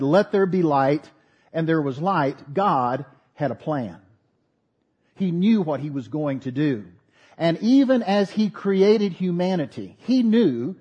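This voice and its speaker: A pastor preaching a sermon, earnest with folksy asides. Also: male voice, on the high side, a little mellow, slightly rough, muffled recording.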